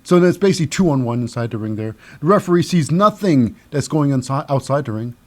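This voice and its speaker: A man recaps a wrestling show on his own in a loose, casual way, talking fairly quickly. His medium-pitched voice is darkish with lively intonation, and his rambling is full of fillers and name mix-ups.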